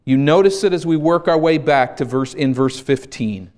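At a normal speed, a male pastor gives an earnest sermon. He alternates between forceful, emphatic climaxes and soft, hushed passages.

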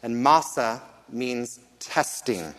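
A man preaching a sermon, reading scripture aloud and slowing down earnestly to stress key lines. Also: medium pitch, animated, a bit bright, big-room sound. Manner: earnest, measured, slows for emphasis.

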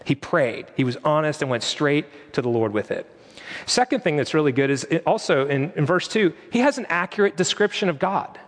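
A man's voice: a little high, expressive, brisk, big-room sound. A man preaching a sermon in an earnest, conversational way, now and then quoting prayers aloud. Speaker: pastor.

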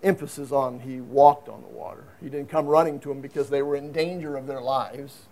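A man preaching a sermon in an earnest way, swinging from emphatic raised passages to low, quiet asides. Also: fairly even intonation, brisk. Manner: earnest, rises to emphatic high peaks then drops low and quiet.

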